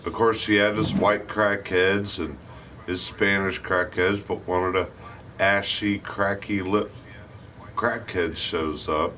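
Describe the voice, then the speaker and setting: Low-voiced rambling, profane man. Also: steady tone, takes it slowly, crowd noise. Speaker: live stream host. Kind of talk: casual storytelling.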